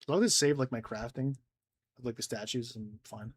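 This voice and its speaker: A man's voice: medium pitch, a little fast, breathy edge. A man giving casual gameplay commentary, rambling and self-amused, easily sidetracked. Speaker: game streamer.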